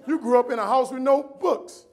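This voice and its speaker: Man playing a stern teacher woman, blunt, scolding, slightly raised pitch. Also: moderate pace, a little mellow. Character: stern, no-nonsense woman schoolteacher.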